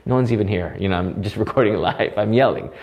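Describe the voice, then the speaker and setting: A man teaching catechism as a pastor, preaching with passion, at times rising almost to a yell and then dropping quietly, recorded live on his own with no audience present. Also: fairly low pitch, fast talker, muffled recording. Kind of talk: recorded live Bible study sermon.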